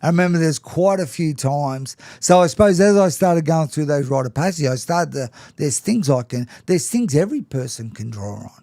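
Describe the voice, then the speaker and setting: A man's voice: on the high side, lively intonation, normal speed, few pauses, mellow, no room sound. Dry-voiced man telling stories. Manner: frequent restarts, laughs between remarks. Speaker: guest. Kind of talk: candid storytelling in conversation.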